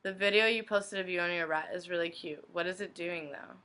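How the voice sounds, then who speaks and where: A young woman vlogger flatly reading fan messages from her inbox aloud, one after another. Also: on the low side, fairly quick, clear, resonant tone, rough recording. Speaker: video blogger reading fan questions.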